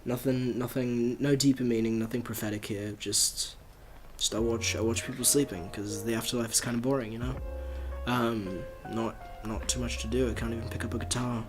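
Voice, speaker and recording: A man voicing a bored, mellow male ghost of a British rock musician, mumbling low and offhand, with soft guitar faintly behind. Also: steady tone, brisk, lightly acted.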